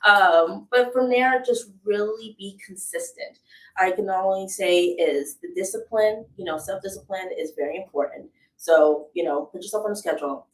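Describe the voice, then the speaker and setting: A woman's voice: mid-range voice, moderate pace. Woman voice actor, talkative and easygoing; roomy, echoey sound from a distance. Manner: chatty, laughs often, says "you know" a lot. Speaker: voice actor guest. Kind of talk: casual interview chat. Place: live event in a house. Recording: echoey room, distant mic.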